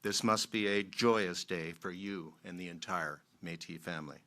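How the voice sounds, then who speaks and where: A man from Manitoba, a member of Parliament, giving a formal ceremonial speech in a measured, emphatic way with many pauses. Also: deep voice, sharp tone. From Manitoba, Canada.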